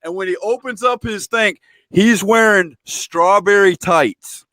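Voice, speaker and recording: Host, higher male voice, excitable and laughing, dry close mic. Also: a little slow, no echo. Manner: enthusiastic, laughing, stumbling restarts. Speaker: interview host. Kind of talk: casual interview chat.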